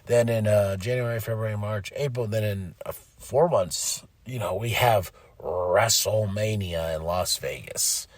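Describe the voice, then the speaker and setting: An animated man with a fairly low voice, talking straight into a close mic in a dry, dead room. He chats casually and excitably, cursing and laughing as he goes. His delivery swings between loud bursts and muttered asides. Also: measured pace, few pauses, dry recording. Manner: excitable, animated, swears, laughs, mimics people. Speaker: podcast host. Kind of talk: casual solo recap.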